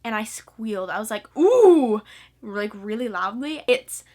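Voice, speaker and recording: A young woman chatting casually about books to her camera, bubbly and excitable, full of fillers and eager asides. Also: medium pitch, moderate pace. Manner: bubbly and excitable, lots of fillers, squeals and laughs. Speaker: book vlogger. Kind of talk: casual chat.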